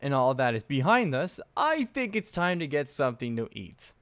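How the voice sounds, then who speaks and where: A man's voice: medium pitch, very animated, moderate pace, fairly bright tone, no room sound. A cheery, teasing teenage girl from a fan story, as a man narrator puts her on. Her voice sits raised and bouncy, with a playful lilt. The sound is close and dry.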